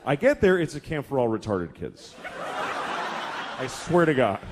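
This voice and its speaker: Stand-up comic, man, middle-aged, very animated pitch, profane and exasperated, faint room ambience. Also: moderate pace, crowd noise, noisy background. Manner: profane, exasperated, acts out quoted voices. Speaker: stand-up comedian. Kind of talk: stand-up comedy routine. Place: comedy venue before a laughing audience.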